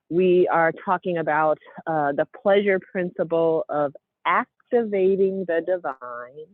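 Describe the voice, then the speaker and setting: A woman's voice: lowish voice, no room sound. A woman hosting a walking podcast by phone, out of breath, reflective and folksy. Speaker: host. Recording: tinny dry phone line.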